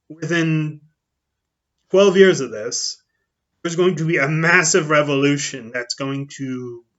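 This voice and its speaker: A man's voice: fairly high pitch, a bit bright. A man giving a casual spoken book review, rambling and thinking aloud in a conversational way. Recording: dull lo-fi recording.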